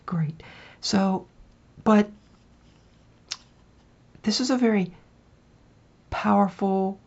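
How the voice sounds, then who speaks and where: A woman talks through a spiritual tarot reading in a loose, chatty way, often turning to the listener to check they follow. Her voice has a gravelly, husky edge and sits at an ordinary pitch. The recording is dull and lo-fi. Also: drawn-out words, darkish tone. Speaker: tarot reader.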